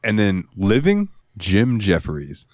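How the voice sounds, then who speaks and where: A man co-hosting a podcast in casual chat, excitable, swearing freely and laughing often. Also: fairly low pitch, slow, dry recording, clean studio sound. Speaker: podcast co-host.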